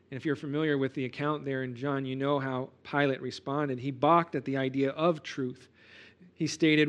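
A male pastor giving an expository sermon, animated and emphatic, often checking in with "okay?" and "right?". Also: on the high side, brisk. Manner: animated, emphatic preaching with frequent "okay?" asides.

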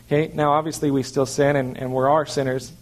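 Speaking a little fast, at a medium pitch and level tone, a pastor delivers a sermon. His scripture explanation is earnest and instructive, dotted with "okay" check-ins to his audience.

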